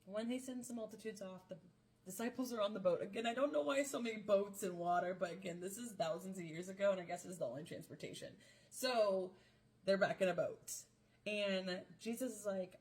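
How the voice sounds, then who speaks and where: A young woman podcast host retelling a Bible story casually, playful and full of slang and quick joking asides. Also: mid-range voice, a little mellow.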